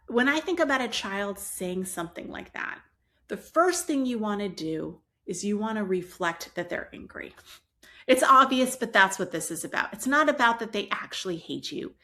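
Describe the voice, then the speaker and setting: A woman giving parenting advice in a calm, explanatory solo talk, sometimes acting out what a parent might say. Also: mid-range voice. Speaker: parenting educator.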